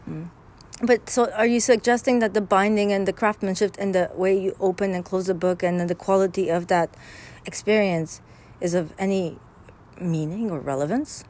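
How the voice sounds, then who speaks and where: A woman's voice: medium pitch, fairly even intonation, moderate pace, darkish tone, slight background noise. A woman doing improvised comedy banter in a teasing, giggly, mock-formal manner.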